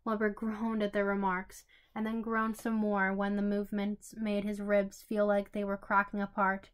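A woman narrating a fanfiction story in an even way, with small slips and restarts. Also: medium pitch, normal speed, smooth. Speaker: story reader.

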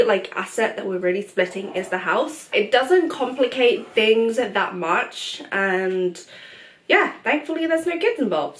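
Filming herself at home, a young vlogger gives an open, relaxed update on her life. She talks in a slightly high voice, breaks into laughter frequently, and leans heavily on fillers like "um" and "like."

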